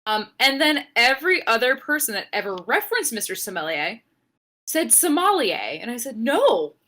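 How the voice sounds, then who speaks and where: Bright, animated young woman. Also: fairly high pitch, a little fast. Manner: animated, profane, sarcastic. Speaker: podcast co-host. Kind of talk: casual wrestling recap chat.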